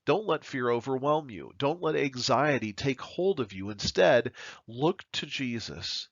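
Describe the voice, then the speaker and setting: A man preaching a verse-by-verse sermon, earnest and emphatic, with dramatic pauses. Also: medium pitch, expressive, dry recording, dull audio. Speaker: pastor.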